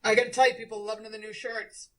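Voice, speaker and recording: A woman's voice: a little high, little pitch movement, fast, fairly bright tone, low-quality recording. A middle-aged woman, co-hosting a casual chat, chatty and self-deprecating, laughing at herself. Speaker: podcast co-host, nurse.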